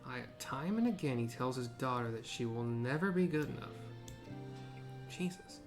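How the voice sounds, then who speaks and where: A man narrates his gameplay in a chatty, wry way, describing the screen and reacting to the scenes. His voice sits at a middle pitch, and soft game music plays faintly behind him. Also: lively intonation, normal speed. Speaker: game narrator for blind viewers.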